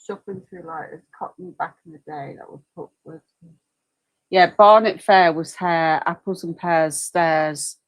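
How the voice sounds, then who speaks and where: Woman, livestream host, casual rambling chat, somewhat low voice. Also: fairly even intonation, unhurried, poor audio. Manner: chatty, rambling, apologetic asides. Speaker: livestream host commenting on a trial.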